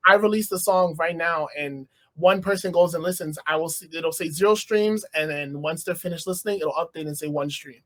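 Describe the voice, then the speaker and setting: A man from Canada, a rapper, talking about his music in a casual interview, thoughtful and animated. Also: a little high, a little fast, hardly any pauses. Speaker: rapper guest.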